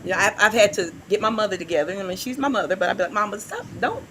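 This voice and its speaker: A woman who works with youth, telling animated stories in a casual podcast chat and acting out the voices she quotes. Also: medium pitch, very fast, slight background noise. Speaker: youth worker and guest.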